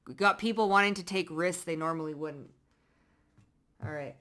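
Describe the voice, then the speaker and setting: A woman giving a casual tarot reading to her viewers, blunt and profane, swinging between loud emphatic bursts and low muttered asides. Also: moderate pace. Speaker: psychic tarot reader.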